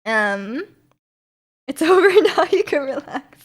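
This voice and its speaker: A woman from Vancouver, Canada chats casually with her stream viewers, rambling and giggling with plenty of fillers. Her voice is high and slow, with big pitch swings.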